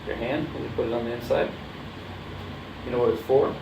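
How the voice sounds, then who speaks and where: A man's voice: mid-range voice, steady tone, brisk, creaky. A man giving a hands-on horn lesson in a casual, coaching way, often checking that his student understands. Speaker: horn teacher. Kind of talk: casual one-on-one instruction. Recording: roomy, distant, dull mic with background noise.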